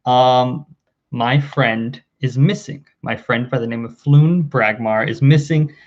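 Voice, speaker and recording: A man's voice: medium pitch, takes it slowly, lightly acted. Man voicing a worried quest-giver, lo-fi. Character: anxious chatty male quest-giver. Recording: slightly dull lo-fi audio.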